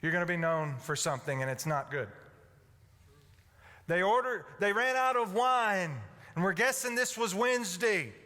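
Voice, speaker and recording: A man from Alabama, preaching a folksy, humorous sermon that swings from loud to hushed. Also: sits high, animated, normal speed. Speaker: pastor. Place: church sanctuary. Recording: echoey church hall.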